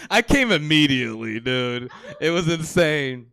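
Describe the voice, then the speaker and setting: A man's voice: fairly high pitch, sing-song, takes it slowly, creaky, a bit bright, clean tone, no room sound, clean studio sound. A young man in his twenties doing a live stand-up set on a comedy theater stage, rambling and crude, with plenty of "you know" and "like".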